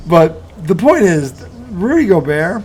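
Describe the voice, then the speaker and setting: A man's voice: high voice, slow, slight background noise. A man co-hosting a casual sports talk show, joking and swearing as he banters and laughs. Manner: animated, laughing, profane banter. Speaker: podcast co-host.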